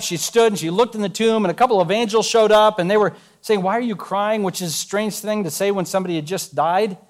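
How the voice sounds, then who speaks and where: A man with a notably high voice preaches a sermon. He keeps it conversational and joking, retelling scripture in plain everyday words the way a pastor talks to his congregation.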